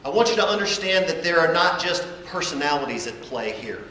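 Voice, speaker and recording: A man's voice: on the high side, animated, a little fast, sharp tone. Man lecturing in a reverberant hall. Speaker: conference presenter, academic. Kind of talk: conference lecture. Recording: echoey hall with faint room noise.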